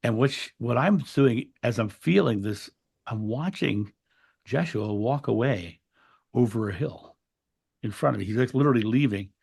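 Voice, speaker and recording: A man's voice: medium pitch, animated, moderate pace, creaky, darkish tone, slightly rough. A man telling a spiritual story in an interview, earnest and reflective, often restarting his words. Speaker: interview guest.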